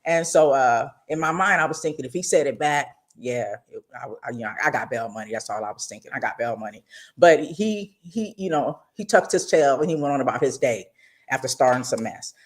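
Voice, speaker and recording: Speaking fairly quickly in a bass voice, a middle-aged woman hosts a radio talk show, telling stories casually and expressively while often addressing listeners in asides.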